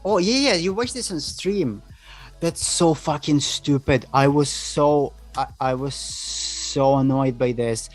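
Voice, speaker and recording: A man from Eastern Europe chatting casually on a podcast, halting and restarting often, with frequent swearing. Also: mid-range voice, faint music behind. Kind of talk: casual chat.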